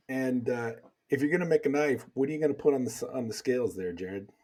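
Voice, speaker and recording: A man's voice: mid-range voice, brisk. A man hosting a casual podcast chat, rambling along with lots of fillers. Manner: relaxed, rambling with many fillers. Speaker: podcast host.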